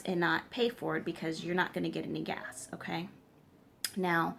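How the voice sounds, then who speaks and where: A fairly low, vocal-fry voice with fairly even intonation belongs to a woman tarot reader delivering advice at a moderate pace. Speaking directly to camera, this spiritual practitioner lectures emphatically and often checks in with viewers.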